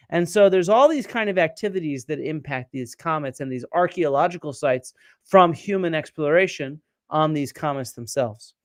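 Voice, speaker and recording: An archaeologist hosts a live-streamed lecture in a fairly high-pitched voice, recorded clean in the studio with no room sound. He explains things step by step, quizzes viewers, and answers their comments.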